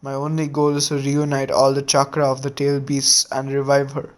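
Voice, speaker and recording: Monotone scheming shadow thing, ancient and male, flat and level, read by a guy in a fan story. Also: mid-range voice, moderate pace, close to an everyday voice.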